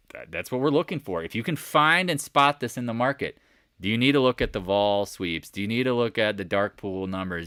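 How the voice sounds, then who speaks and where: A low-voiced man with a twang runs a live market chat, talking straight at his viewers. He is animated and quick to toss rhetorical questions at the chat. The sound is close and dry, with no room around it. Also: clean tone, no echo. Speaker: market commentary host. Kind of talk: live stock chart commentary.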